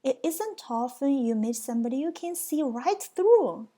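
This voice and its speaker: A woman voicing a cheerful, kindly male figure in a children's storybook, with bright encouraging exclamations. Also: high voice, expressive, measured pace, pitched above the performer's own voice. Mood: cheery.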